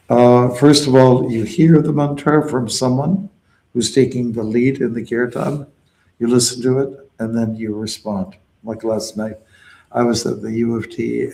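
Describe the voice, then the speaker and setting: A man's voice: medium pitch, gravelly, dark tone, poor audio. A man teaching a devotional mantra, explaining it patiently and calling out chant lines for a group to repeat. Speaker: devotional teacher leading kirtan. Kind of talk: call-and-response mantra teaching.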